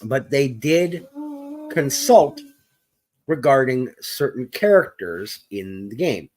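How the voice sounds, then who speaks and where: A man's voice: mid-range voice, lively intonation, a little slow, darkish tone. A man co-hosting a gaming podcast, ranting heatedly and profanely in wordy, formal language. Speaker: podcast co-host. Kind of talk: opinionated gaming discussion.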